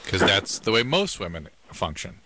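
A man's voice: on the low side, big pitch swings, normal speed, sharp tone, slight background noise. A man co-hosting a radio call-in show who gives earnest medical advice and lectures at length.

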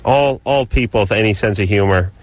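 A man's voice: fairly low pitch, a little fast, no room sound. A man in his thirties hosting a radio call-in show, joking in a sardonic, rambling way. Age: 30s. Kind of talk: comedic radio banter.

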